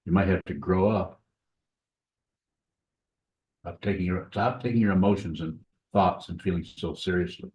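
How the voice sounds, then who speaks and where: A man's voice: low voice, moderate pace, pauses often, darkish tone, dull audio, slight background noise. A man teaching as a Zen teacher, giving a dharma talk and answering questions in a plain, repetitive, conversational way.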